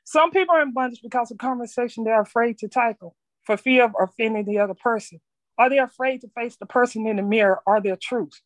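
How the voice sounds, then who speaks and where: A middle-aged woman reading a personal reflection aloud to a group, earnest and measured, stumbling now and then. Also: fairly high pitch, no room sound. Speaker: speaker sharing her story.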